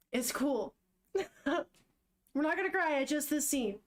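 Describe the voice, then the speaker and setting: A woman vlogger talking casually and gushing with feeling as she reads. Her voice sits high and she exclaims often. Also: animated, slow, pauses often. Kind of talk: casual reading vlog.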